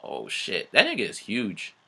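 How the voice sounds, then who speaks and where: Man reacting live to a comic, lively bright voice, slow drawn-out talk, slangy asides. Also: on the low side, vocal fry, husky. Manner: hyped, slangy, swearing, muttering asides. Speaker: video reactor.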